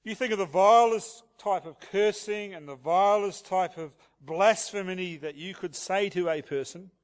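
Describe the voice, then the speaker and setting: Man, high voice, sermon, rhetorical questions. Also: measured pace. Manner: expository preaching with rhetorical questions. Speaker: pastor.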